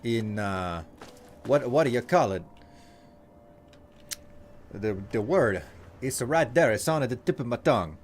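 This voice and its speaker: A man putting on an exaggerated Italian accent to play a boastful, excitable male barista while streaming a game. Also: medium pitch, measured pace, pauses often, a little hiss or hum, close to an everyday voice. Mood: hammy. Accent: put-on Italian. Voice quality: exaggerated accent with "eh?" and "yeah?" tags.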